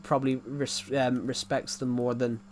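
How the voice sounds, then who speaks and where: A man's voice: medium pitch, little pitch movement, moderate pace, a little hiss or hum. A young man with an English working-class accent from a former mining area, chatting casually on a livestream, rambling, restarting sentences and answering chat. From England.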